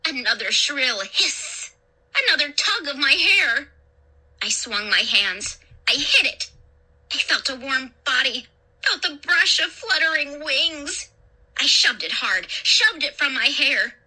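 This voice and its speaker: A woman storyteller reading a first-person horror story in a dramatic, expressive way. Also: high voice, takes it slowly. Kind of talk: scripted horror story narration.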